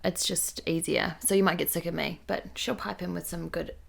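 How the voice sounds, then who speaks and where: Gravelly New Zealand woman podcaster. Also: lowish voice, moderate pace. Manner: relaxed, chatty, reads listener questions aloud. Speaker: podcast co-host. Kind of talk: casual chat.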